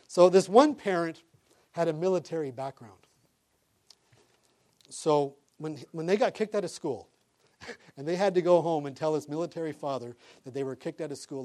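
Middle-aged preacher guy, lively storytelling sermon, chuckles a lot, voice on the higher side. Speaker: pastor.

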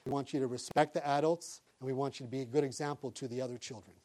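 A man voicing a strict middle-aged father who lays down house rules in a firm, measured way. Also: mid-range voice, fairly even intonation, darkish tone, lightly acted.

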